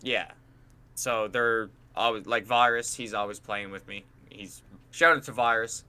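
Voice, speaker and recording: A man co-hosting a podcast, telling animated stories in casual chat, swearing and laughing often. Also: on the low side, a little slow, clean tone. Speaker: podcast co-host and streamer.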